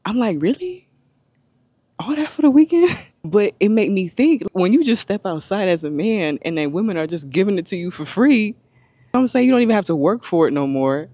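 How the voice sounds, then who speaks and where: A woman in casual chat, talking in a chatty, animated way and laughing often. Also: lowish voice, brisk, dry recording. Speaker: guest.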